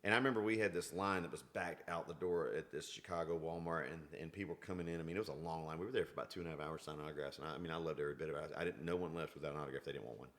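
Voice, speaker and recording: A man's voice: very deep voice, rapid-fire, few pauses. A man, a country singer guest telling stories in a casual podcast chat and acting out what people said. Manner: animated storyteller, acts out quoted exchanges.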